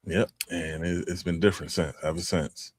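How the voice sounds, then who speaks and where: A man's voice: low voice, fairly even intonation, normal speed, no echo. A middle-aged man co-hosting a podcast, talking in a laid-back, rambling way with lots of restarts. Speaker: podcast co-host. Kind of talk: casual chat.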